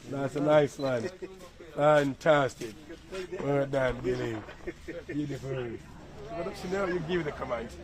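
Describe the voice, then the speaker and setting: A man's voice: medium pitch, measured pace, pauses often, rough recording. A man guiding visitors around an elephant sanctuary outdoors, praising their photos and explaining the animals in an encouraging way. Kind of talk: live guided tour commentary. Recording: outdoor crowd chatter in background. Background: visitors chatting nearby.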